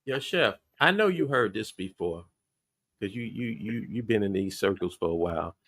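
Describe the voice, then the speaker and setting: A man's voice: on the low side, lively intonation, moderate pace, a bit bright. A man hosting a casual conversation, talking bluntly and emphatically. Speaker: host.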